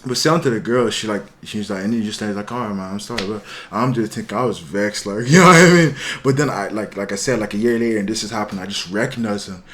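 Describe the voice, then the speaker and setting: A man's voice: on the low side, fast, hardly any pauses, fairly bright tone. A young man from Ireland, telling a story casually as a podcast guest, full of fillers and restarts. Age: young adult. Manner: rambling, many fillers and restarts, acts out quoted voices. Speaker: guest musician.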